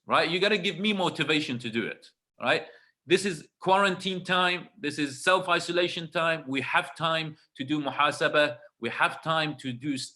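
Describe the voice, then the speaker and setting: A man with a slightly high, sharp-toned voice speaks to a video-call audience about religion as a webinar speaker. His delivery is emphatic and repetitive, punctuated by a questioning "right?"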